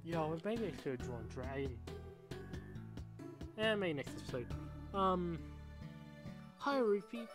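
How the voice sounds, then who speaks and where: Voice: mid-range voice, animated, unhurried, long pauses. A gaming creator giving casual, rambling commentary while playing a handheld game, often laughing at their own slips. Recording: game music playing behind. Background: game music.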